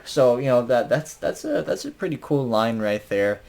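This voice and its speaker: A man talks through an album review in an easygoing, unscripted way. He trips over his words, fills gaps with "uh" and "like", and lets out a chuckle now and then. His voice sits at an ordinary, mid-range pitch. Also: moderate pace, hardly any pauses. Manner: rambling, many fillers and restarts; chuckles while talking. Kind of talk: casual spoken review.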